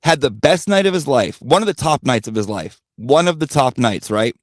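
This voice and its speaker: A man's voice: mid-range voice, expressive, moderate pace, no room sound, clean studio sound. A man telling a blunt, profane gossip story in a rambling rant-style monologue. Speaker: channel host.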